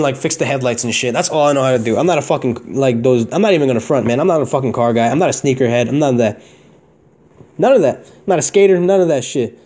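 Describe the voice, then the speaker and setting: A man's voice: a little high, a little mellow. A young man hosting his own podcast, telling a personal story in a casual, rambling way, full of slang and swearing. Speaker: podcast host.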